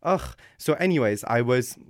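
A man's voice: medium pitch, lively intonation, normal speed, crowd noise. A young man co-hosting a radio show in casual on-air chat, rambling a little with lots of fillers and restarts.

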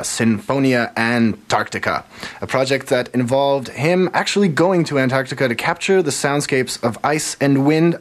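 A male radio host chats casually in a studio, stumbling through plugs and announcements with plenty of "uh" and "um." He makes fun of his own slips as he goes, in a mid-pitched, everyday voice. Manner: rambling with many fillers, self-mocking.

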